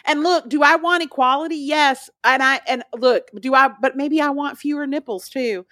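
A woman's voice: high voice, fairly even intonation, moderate pace, sharp tone, no echo, studio quality. A woman co-hosting a pop culture podcast, talking in a sassy, emphatic, casual way. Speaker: podcast co-host.

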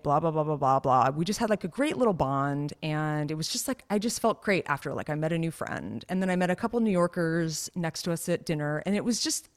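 A woman co-hosting a podcast, telling stories in a rambling, chatty way with lots of fillers. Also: sits low. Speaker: podcast co-host. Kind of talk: casual chat.

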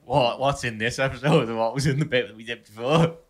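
A man's voice: mid-range voice, fast. A man, co-hosting a podcast in a playful way and moving the conversation along. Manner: playful, steers the chat along. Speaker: podcast co-host. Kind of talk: casual chat.

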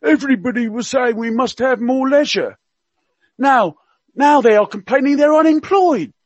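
A man's voice: extremely high pitch, lively intonation, moderate pace, no echo, voice pushed up. A tactless elderly royal gent tosses out rude, cheeky one-liners in a shaky attempt at Cockney, as a man puts him on. His voice jumps well above the speaker's own and lilts up and down. The recording is dull and dry.

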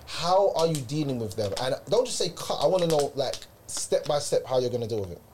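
A young man in casual group chat, quick and expressive, acting out what others say. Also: mid-range voice, slight background noise. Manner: quick and expressive, acts out quoted voices.

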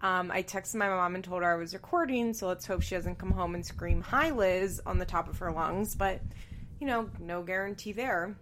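Woman podcast host, bright tone, chatty, candid, swears freely, home bedroom recording. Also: lowish voice, normal speed, a little hiss or hum. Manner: chatty, candid and profane, with frequent asides. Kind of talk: casual podcast chat. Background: fan running.

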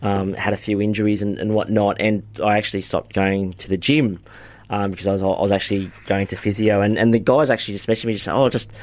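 A man's voice: fairly low pitch, flat delivery, fast, darkish tone, no room sound. A man in his forties co-hosting a podcast, talking casually and hesitantly with many restarts. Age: 40s. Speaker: podcast co-host. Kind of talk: casual chat.

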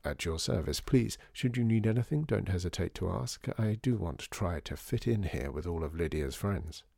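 A man doing a gallant, theatrical old-world gentleman. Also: sits low, expressive, normal speed, gravelly, husky, dry recording, clean studio sound, heavily acted. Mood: courtly. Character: courtly, flamboyant disgraced male store owner.

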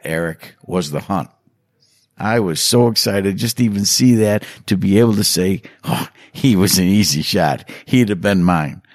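A middle-aged man being interviewed, telling stories in a casual, animated way and acting out quotes with big jumps in voice. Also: lowish voice, dry recording, studio quality. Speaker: hunter and hunting instructor, interview guest.

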